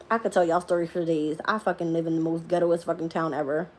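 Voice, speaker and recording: A woman chatting casually on a live stream as a tarot reader, laughing often and swearing freely as she tells animated stories. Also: lowish voice, quick pace, few pauses.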